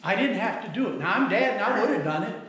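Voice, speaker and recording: Folksy preacher man, high voice, echoey hall. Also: animated, quick pace, fairly bright tone. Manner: folksy storytelling with acted quotes. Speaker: pastor. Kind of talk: sermon. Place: church sanctuary. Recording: very echoey church hall, faint noise.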